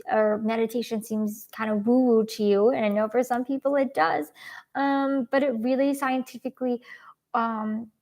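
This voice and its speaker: Young female dietitian host, casual encouraging talk, somewhat high voice. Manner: frequent ums, earnest and encouraging.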